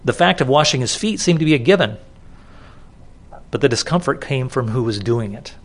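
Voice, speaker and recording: A man's voice: mid-range voice, lively intonation, normal speed. Conversational man preaching a sermon. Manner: conversational, repeats words for emphasis. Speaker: pastor. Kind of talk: expository sermon.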